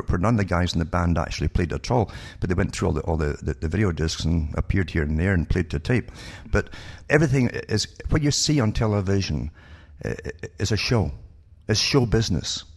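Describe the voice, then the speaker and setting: A man's voice: deep voice, vocal fry. An older man, a radio guest, telling stories from his past in a knowing, matter-of-fact way. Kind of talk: conversational radio interview.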